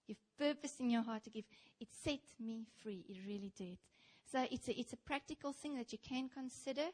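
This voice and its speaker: A South African woman in her younger adult years preaches to a church congregation. Her voice sits on the higher side, and she tells stories in an animated way while questioning and teasing her listeners directly. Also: a little fast. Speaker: church speaker. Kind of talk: sermon.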